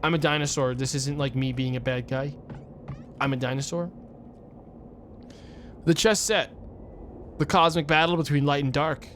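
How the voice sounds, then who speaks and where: Streamer guy reading game text, deadpan jokes, kinda high voice, faint hum behind. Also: normal speed, long pauses. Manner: reads game text aloud, deadpan jokey asides. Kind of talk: casual let's play commentary.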